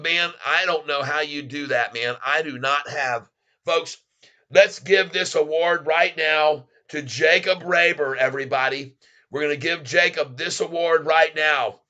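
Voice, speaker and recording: An excitable man with a Southern drawl hosts a casual live stream, gushing thanks at his viewers. His voice is very bright and forceful, pitched a bit high for a man. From Florida, US. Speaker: livestream host.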